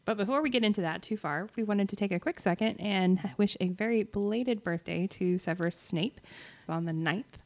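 A woman in the middle of the usual pitch co-hosts a fan podcast. She is bubbly and playful and chimes in often with quick agreements. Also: vocal fry. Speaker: podcast co-host. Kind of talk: casual fan podcast chat.

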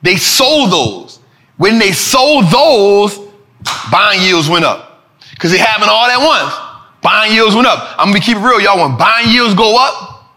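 Animated high-voiced man talking markets. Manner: animated, preachy, slangy, repeats lines for emphasis. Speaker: finance show host. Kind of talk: casual market commentary.

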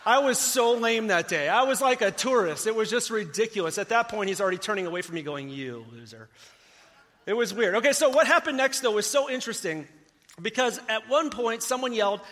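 A man's voice: very high voice, fairly bright tone, big-room sound. A man preaching a sermon in a conversational, storytelling way, talking directly to his congregation. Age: adult. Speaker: pastor.

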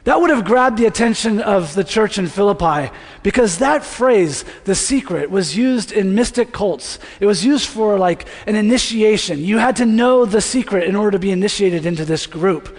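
A man's voice: high-pitched, expressive, moderate pace. A male pastor preaching a sermon in a conversational way, asking the congregation to repeat words after him. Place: church sanctuary. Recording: long reverb of a large hall.

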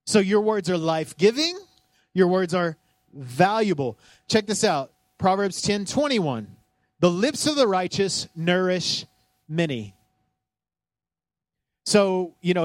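A man's voice: high voice, expressive, a little slow, no room sound. A man preaching a sermon, talking casually with the congregation and acting out scripture scenes. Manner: conversational, joking, asks the congregation; acts out scripture scenes in voices. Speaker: pastor.

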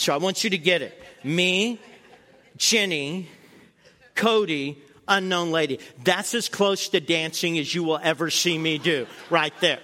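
A man in his sixties, a guest pastor, preaching a sermon with animated storytelling and acting out scenes. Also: high voice, in a large hall.

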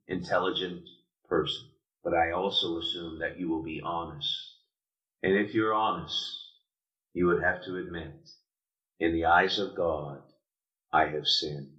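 A man preaching an evening sermon in a church, slow and deliberate, with dramatic pauses between phrases. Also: on the low side, a bit bright. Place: church sanctuary. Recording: echoey, distant, dull church recording.

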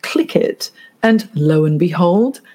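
Husky-voiced woman career coach. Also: lowish voice, lively intonation, takes it slowly, dark tone. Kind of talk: casual live-stream chat.

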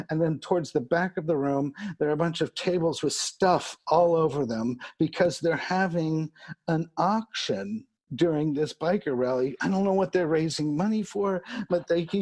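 A man with a somewhat high voice tells a funny story in a loose, casual way. He laughs often and doubles back on words as he builds each scene. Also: a little mellow. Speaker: storyteller guest. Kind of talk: casual anecdote.

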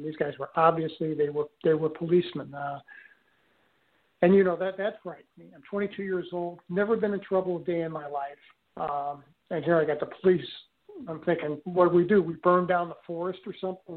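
An older man telling a personal story in an interview, speaking haltingly with frequent restarts and fillers. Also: high voice. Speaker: guest recounting an experience. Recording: tinny phone-line audio.

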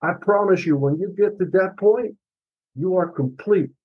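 Slightly slow and breathy, this high-voiced middle-aged man is an author guesting on a podcast. He shares his own story earnestly and emotionally, confessing things and swearing now and then, over narrow, tinny sound.

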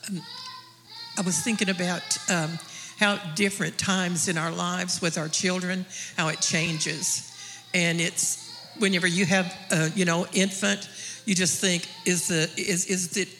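A woman's voice: fairly low pitch, steady tone, unhurried, bright, forceful tone, big-room sound, soft background music, poor audio. A mother sharing on a church panel in a homespun way, laughing now and then.

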